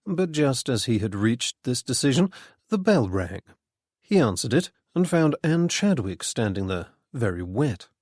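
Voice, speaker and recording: A man giving a measured scripted narration of a mystery audiobook. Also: medium pitch, sing-song, darkish tone, no room sound, clean studio sound.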